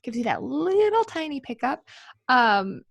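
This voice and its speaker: Woman podcast co-host, playful and rambling, gravelly fry in a somewhat high voice. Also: very animated, a little slow. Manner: playful, rambling, trails off and laughs. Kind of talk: casual chat.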